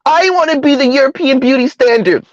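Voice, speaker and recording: A man voicing an entitled woman with a put-on valley-girl voice, pitched well above his own. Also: brisk, no room sound, dull audio. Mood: mocking.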